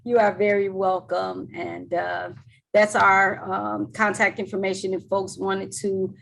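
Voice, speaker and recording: A woman's voice: mid-range voice, flat delivery, unhurried, creaky, rough recording. Chatty woman presenter with a worn voice. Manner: chatty, warm thanks, trails off with ums. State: voice worn from talking. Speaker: webinar presenter. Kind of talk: casual Q&A wrap-up on a video call. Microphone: video call.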